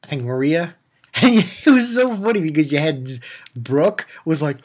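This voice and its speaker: A man's voice: fairly high pitch, normal speed, a little mellow. A man casually recapping an anime episode, rambling with laughs, swearing and acted-out quotes. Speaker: anime reviewer.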